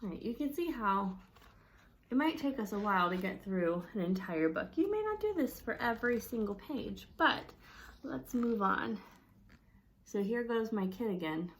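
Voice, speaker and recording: A young adult woman speech-language pathologist, demonstrating expressive read-aloud with wide swings in her voice and friendly teacherly explanations. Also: moderate pace, a little hiss or hum. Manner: expressive storybook reading with wide pitch swings.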